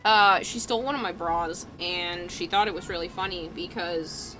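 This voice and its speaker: A young adult woman with a fairly low-pitched, pushed and bright voice talks at normal speed during a casual livestream. She works on a cosplay while telling stories, laughing and swearing freely, with music in the background.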